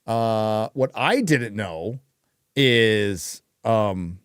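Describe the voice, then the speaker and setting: A man's voice: lowish voice, lively intonation, drawn-out words, a bit bright, clear, resonant tone, no room sound, clean studio sound. A man hosting a casual livestream chat, ranting with plenty of swearing and reading out viewer donations. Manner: profane, ranting. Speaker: host; reads viewer donations aloud.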